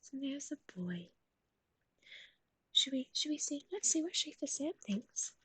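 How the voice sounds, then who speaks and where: A young woman streaming live, whispering softly and cooing in baby talk to her dog while chatting with viewers. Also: sits high, expressive, a little slow, dry recording. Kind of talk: ASMR livestream chat.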